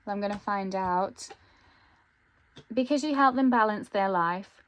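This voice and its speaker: A woman giving an intuitive tarot reading, thinking aloud with frequent pauses and ums. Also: medium pitch, highs cut off. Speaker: tarot reader.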